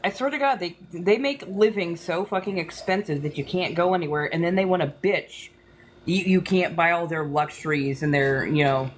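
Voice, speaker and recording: This tarot livestream host speaks in a lowish voice at a moderate pace, heatedly ranting and cursing often. A slight Southern accent comes through, and faint background noise is audible.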